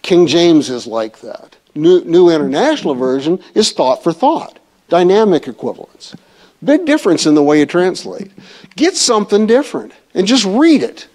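A man's voice: high voice, a little mellow. A man teaching a church Bible study in a conversational way, asking the audience questions.

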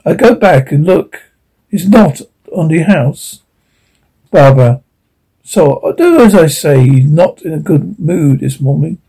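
A man's voice: on the high side, lively intonation, a little slow, creaky, mellow, breathy edge, heavily acted, rough recording. A man reading the part of a curt, hard-drinking woman in a bar, with a Latin accent. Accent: Latin American. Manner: curt, snappish.

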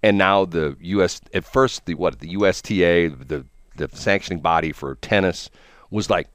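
A man hosting a morning radio show, joking and rambling in casual banter with halting repeats. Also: sits low, a bit bright, dry recording, studio quality. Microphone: studio mic.

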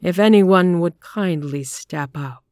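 A woman voicing a gaunt, sinister male stage hypnotist who speaks in a slow, sonorous, commanding voice with cool contempt. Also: fairly low pitch, a little mellow, no echo, studio quality. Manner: measured and commanding, mocking.

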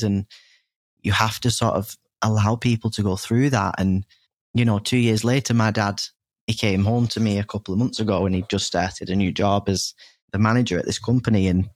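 A man's voice: on the low side, a little fast, no echo, clean studio sound. A man, a podcast guest frankly telling a personal story and often restarting his sentences. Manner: earnest, frank, full of restarts and "you know".

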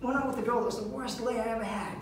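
A man's voice: very high voice, steady tone, very fast. Man doing a blunt traffic cop. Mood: chatty. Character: gruff middle-aged male police officer. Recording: echoey venue from far off.

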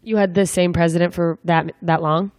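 A woman's voice: lowish voice, steady tone, moderate pace, darkish tone, no room sound. A young woman interviewing a guest in a casual, joking way, full of rambling asides.

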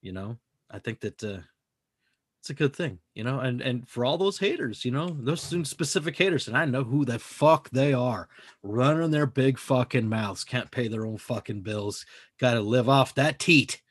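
A man's voice: mid-range voice, animated, normal speed, slightly rough. A man co-hosting a podcast, talking in a casual, profane, emphatic way that rambles from point to point. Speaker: podcast co-host.

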